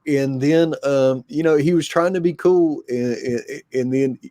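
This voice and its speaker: A man co-hosts a casual livestream, relaxed and teasing as he reads out viewer comments. His voice sits in an ordinary middle register, and the room is dry with no echo. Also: medium pitch, measured pace. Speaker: livestream co-host.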